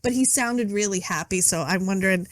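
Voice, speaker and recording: A middle-aged woman chatting on a podcast, telling animated stories and acting out quotes between bursts of laughter. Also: mid-range voice, fairly quick, no echo. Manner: animated storytelling, acts out quotes, laughs often. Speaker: guest reviewer. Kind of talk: casual podcast chat.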